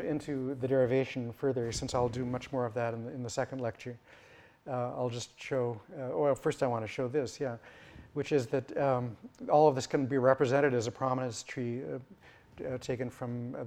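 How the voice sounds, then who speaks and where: Halting male lecturer full of fillers. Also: medium pitch, steady tone, darkish tone. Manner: halting, many fillers and restarts. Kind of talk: academic lecture.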